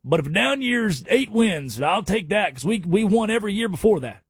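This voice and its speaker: Man impersonating a boastful male coach, smug, raised pitch, dry sound. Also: very animated, fairly quick, breathy edge, no room sound, full character voice. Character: self-satisfied male college football coach.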